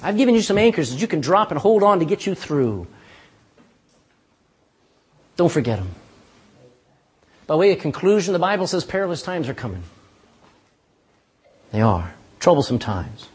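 A man's voice: fairly high pitch, sing-song, normal speed, pauses often, a little mellow, husky. A pastor preaching a sermon in church, folksy and emphatic, talking straight to his congregation.

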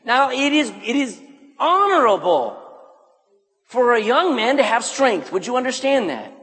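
Male pastor, high, swooping voice, teasing and animated, calls people out from the pulpit, church hall echo. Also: measured pace. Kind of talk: sermon to young men. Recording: echoey hall.

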